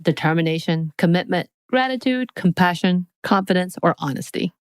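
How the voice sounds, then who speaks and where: A woman's voice: fairly low pitch, lively intonation, moderate pace, smooth, no echo, studio quality. A woman co-hosting a podcast, reading quiz questions aloud in a playful, casual chat. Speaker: podcast co-host.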